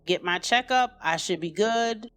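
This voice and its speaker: A woman telling her own life story casually, full of "you know" and "like," raising her pitch sharply when she quotes people. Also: a little slow, clean tone. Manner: conversational, many "you know" and "like" fillers; acts out quoted voices with sharp rises in pitch. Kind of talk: personal storytelling.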